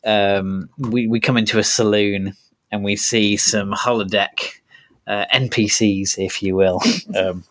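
A man's voice: on the low side, fairly even intonation, unhurried, a bit bright. A man in casual podcast chat who rambles, restarts often and laughs as he talks. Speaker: podcast co-host.

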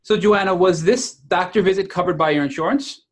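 A male interviewer puts calm, measured questions to his guest and moves the story along. His voice sits a little high for a man.

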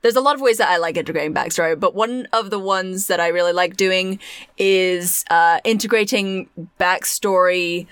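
A woman hosting a casual podcast, chatty and giggly, talking in quick bursts. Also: lowish voice, a bit bright, smooth, no room sound, studio quality. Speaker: podcast host.

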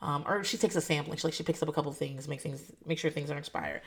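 A woman in her thirties telling a story in a casual vlog, animated and profane, acting out what others said. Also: low-pitched, fast talker, breathy edge. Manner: animated, swearing, quotes others in voices. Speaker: foster parent telling a story.

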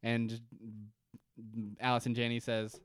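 A man's voice: medium pitch, completely flat delivery, slow pace, clear, resonant tone, no echo. A man co-hosting a casual comedy podcast, sarcastic and swearing, who acts out scenes in mocking voices. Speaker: podcast co-host. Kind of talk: casual comedic recap chat.

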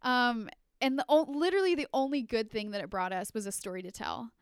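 A young adult woman co-hosting a podcast, telling a story in casual chat, animated and full of fillers, laughing as she goes. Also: a little high, fairly quick, clean tone, no room sound, studio quality. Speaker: podcast co-host.

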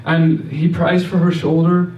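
A man's voice: fairly high pitch, flat delivery, a little slow, muffled recording, a little hiss or hum. A man giving a personal faith testimony, earnest and storytelling, often restarting and repeating words. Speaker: speaker sharing a testimony. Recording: roomy echo, mic at a distance.

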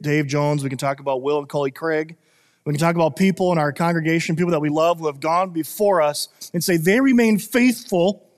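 A male pastor preaching a sermon in an earnest way, with many fillers and restarts. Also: a little high. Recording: long reverb of a hall.

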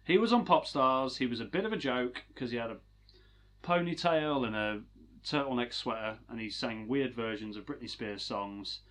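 A man co-hosting a casual chat podcast, jokey and quick to laugh. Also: mid-range voice, lively intonation, a bit bright. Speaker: podcast co-host.

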